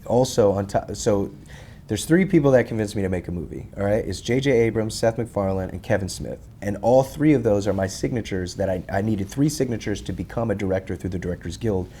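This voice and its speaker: A man's voice: lowish voice, a little fast, slight background noise. A man in his thirties telling stories as an interview guest, casual and profane, acting out quotes from others. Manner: animated, profane, acts out quotes. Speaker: guest, rapper and filmmaker.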